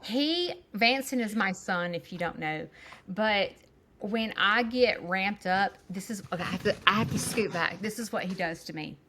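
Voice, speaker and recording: A woman in her thirties co-hosting a casual podcast over a video call. Her voice is bright and forward, and she talks in animated, rambling bursts, laughing as she goes. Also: medium pitch, moderate pace, a little hiss or hum. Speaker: podcast co-host. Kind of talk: casual chat.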